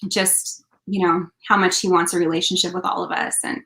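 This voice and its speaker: A woman's voice: on the low side, flat delivery, brisk, sharp tone. A woman, a country singer, telling her story earnestly in a casual interview, with lots of fillers. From Canada. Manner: earnest, heartfelt, many fillers.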